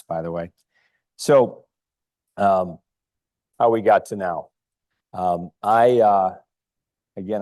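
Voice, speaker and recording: A man in his fifties from upstate New York, a prosthodontist giving a conference lecture, unhurried and full of ums and restarts. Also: lowish voice, dark tone, no echo, studio quality. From Rochester, New York. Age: 50s. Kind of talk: conference talk. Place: lecture room.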